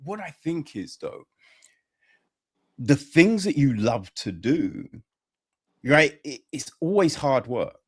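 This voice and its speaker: A man's voice: mid-range voice, very animated, slow pace, long pauses, husky. A man hosting a podcast interview, talking in a rambling casual way and often asking "right?" for agreement. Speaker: podcast host.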